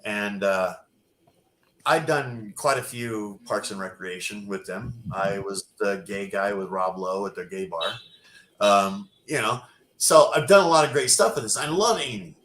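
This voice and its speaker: A man telling a long profane story as a podcast guest, loud and animated. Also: lowish voice, unhurried, echoey room, a little hiss or hum, poor audio. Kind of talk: casual storytelling.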